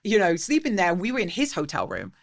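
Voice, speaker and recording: A woman with an English accent, a podcast guest telling a story fast and casually. She swears freely and acts out what others said. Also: on the low side, huge pitch swings, gravelly, no echo, clean studio sound. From England.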